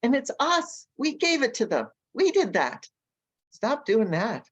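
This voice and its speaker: A woman language coach and educator, telling stories in an animated, energetic way during a casual interview. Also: on the high side, a little slow, breathy edge. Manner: animated, energetic storyteller who acts out voices.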